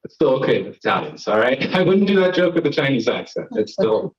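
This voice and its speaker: On a comedy stage, a young stand-up comedian and host from Florida rambles, mocks himself, and riffs off the crowd. His mid-range voice swings widely in pitch and moves fast, and the live stream audio is lo-fi.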